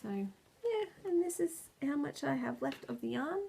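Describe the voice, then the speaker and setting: A woman's voice: sits high, big pitch swings, measured pace, vocal fry, dark tone. A woman talks casually through her knitting projects for a video podcast. She sounds tired and stressed, close to tears at times. She rambles, loses her words and laughs easily. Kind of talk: casual chat.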